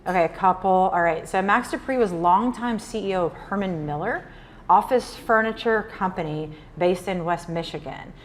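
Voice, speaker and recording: A woman's voice: on the low side, moderate pace, slight background noise. Chatty woman from Nebraska speaking. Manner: chatty, uses "like" and "y'all". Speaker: keynote speaker. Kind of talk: casual conference talk. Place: luncheon event room.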